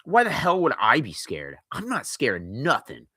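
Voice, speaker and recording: A man's voice: medium pitch, huge pitch swings, normal speed, bright, forceful tone, husky, no echo, studio quality, pitched above the performer's own voice, exaggerated voice. A man voicing a mean, bored schoolboy bully who taunts and sneers. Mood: defensive.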